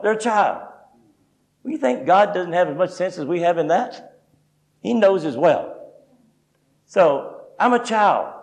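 A man's voice: sits high, rough recording. An older man preaching a sermon, telling his own story in a folksy, humorous way. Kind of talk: sermon teaching with personal testimony.

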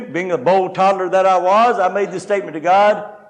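A man's voice: sits high, a little fast, low-quality recording. An older man preaching a sermon, telling his own story in a folksy, humorous way. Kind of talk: sermon teaching with personal testimony.

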